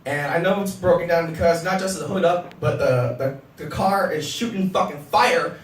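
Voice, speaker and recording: High-voiced comic shouting in an echoey club. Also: male voice, normal speed. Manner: animated, swearing, shouting punchlines. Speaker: stand-up comedian. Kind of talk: stand-up comedy set. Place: comedy club stage before a packed crowd. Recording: echoey club audio from far off. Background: audience laughter.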